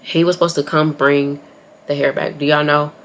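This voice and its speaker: A woman's voice: deep voice, level tone, normal speed, a bit bright, a little hiss or hum. A young woman with an African American English accent telling a story time to her viewers while doing her makeup, talking casually to them as y'all. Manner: chatty, talks straight to viewers as y'all. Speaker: beauty vlogger telling a story. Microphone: camera on tripod.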